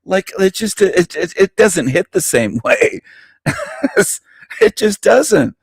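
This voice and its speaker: A man's voice: high-pitched, sing-song, a little slow, gravelly, breathy edge, no echo, studio quality. A man hosting a radio show, delivering an opinionated monologue with emphatic repetition and frequent chuckles. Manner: emphatic, repeats himself, chuckles between lines.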